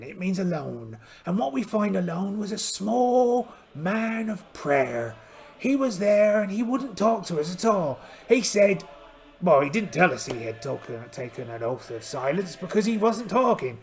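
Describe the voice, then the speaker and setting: A man voicing a cheerful, blustering one-eyed pirate captain, narrating a solo tabletop game in character with theatrical, exclaiming delivery and a gravelly voice. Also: high-pitched, heavily acted.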